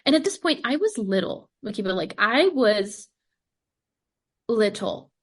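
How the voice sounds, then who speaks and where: A young woman, a professional dancer, telling her story in a casual podcast interview, animated and full of "like," acting out the voices of the people she quotes. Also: on the high side, a little slow, husky. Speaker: podcast guest, pro dancer.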